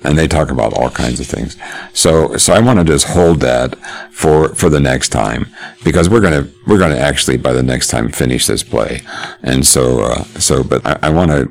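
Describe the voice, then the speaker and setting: A man gives a casual literature lecture, talking in a chatty, halting way with frequent chuckles. His voice is extremely low and full of gravelly fry. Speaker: literature teacher.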